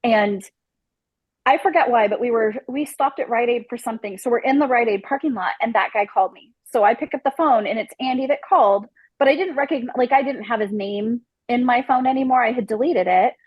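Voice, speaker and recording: A woman guest on a podcast telling a dating disaster story in a lively way, acting out the people in it and laughing as she goes. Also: on the high side, a little fast, slightly rough, no room sound, lo-fi sound. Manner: animated, acts out the people in her story, laughs mid-story.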